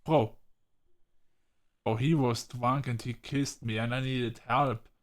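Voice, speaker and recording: A man's voice: medium pitch, steady tone, slow pace. A man playing a story game on stream, reacting to the characters with heated rants full of swearing. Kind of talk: let's play commentary.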